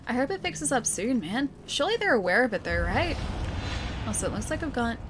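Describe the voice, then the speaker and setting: A woman's voice: fairly high pitch, sing-song, brisk, background noise. A woman streaming a game live, chatting playfully with her viewers and joking as she plays. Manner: playful, chatty, jokey asides.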